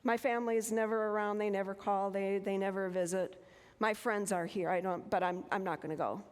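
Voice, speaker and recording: A confused elderly mother, put on by her daughter, asks the same things again and again in a hurried, fretful voice. The words pile up and trip over each other. Her voice rings out with the long reverb of a church hall. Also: mid-range voice, steady tone, smooth, close to an everyday voice. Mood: distressed. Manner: agitated, quick and repetitive.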